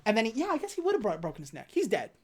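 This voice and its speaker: A woman's voice: mid-range voice, very fast, slight background noise. A woman co-hosting a podcast, casually recapping a film and acting out its scenes in funny voices. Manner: animated, acts out movie scenes in funny voices. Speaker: podcast co-host. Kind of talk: casual movie recap chat.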